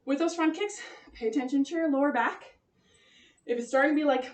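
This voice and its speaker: A woman's voice: sits high, a little fast. A woman fitness instructor leading a home cardio workout, chatty and encouraging, and out of breath as she exercises. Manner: encouraging, chatty, laughs often. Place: room at home. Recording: echoey room, voice from a distance.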